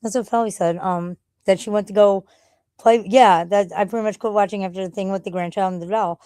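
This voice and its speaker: A woman's voice: mid-range voice, steady tone, brisk, dark tone. A woman live streamer chatting casually and rambling, blunt and profane, often laughing.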